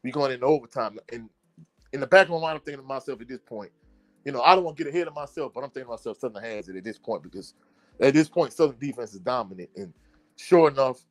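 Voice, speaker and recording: A man's voice: mid-range voice, animated, fast talker. A man hosting a casual sports talk show, recapping a football game in a rambling, blunt way, full of fillers and self-corrections. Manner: blunt and exasperated about his team. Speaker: sports podcast host.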